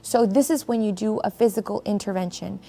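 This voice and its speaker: A woman's voice: medium pitch, brisk, gravelly, warm tone. A woman presenting a conference session on conflict resolution, chatting to her audience and checking in with "right?". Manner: conversational, keeps asking the audience "right?". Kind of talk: virtual conference talk. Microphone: video call.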